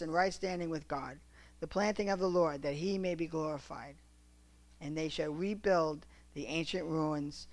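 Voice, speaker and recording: A preacher reading scripture aloud and telling lively stories to a congregation, often laughing. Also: female voice, on the low side. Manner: animated, laughing storyteller.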